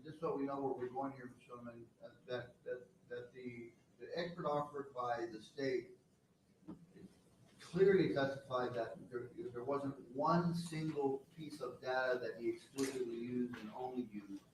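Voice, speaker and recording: Man, judge, halting stern speech, echoey room, distant mic, faint background hiss. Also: mid-range voice. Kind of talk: courtroom remarks. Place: courtroom.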